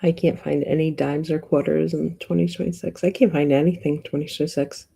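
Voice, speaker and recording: A woman's voice: sits low, little pitch movement, a little fast, gravelly, mellow, slightly rough. A woman hosting a livestream in casual chat, greeting viewers by name. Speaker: livestream host.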